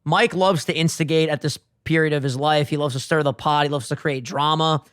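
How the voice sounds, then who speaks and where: A man co-hosting a podcast, telling a story in a casual chat, animated and swearing a lot. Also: a little high, a little fast, clean tone, no echo, studio quality. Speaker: podcast co-host. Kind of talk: casual chat, retelling a TV scene.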